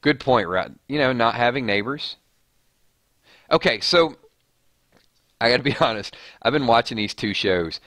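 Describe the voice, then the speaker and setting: A man's voice: medium pitch, lively intonation, moderate pace, pauses often, a bit bright, no echo. A man hosting a casual live stream, chatting and joking as he reads viewer comments. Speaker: livestream host. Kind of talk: casual chat.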